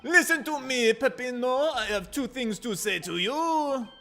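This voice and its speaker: A man reading game dialogue as a calm, dignified con man with a put-on French accent, measured and poised. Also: extremely high pitch, soft background music, voice pushed up, exaggerated voice. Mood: stern.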